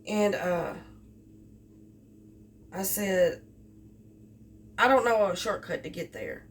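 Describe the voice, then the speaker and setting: A woman with a medium-pitched voice speaks slowly, telling a meandering, repetitive story about her delivery driving job for a casual vlog. The mic sits at a distance, picking up faint background noise.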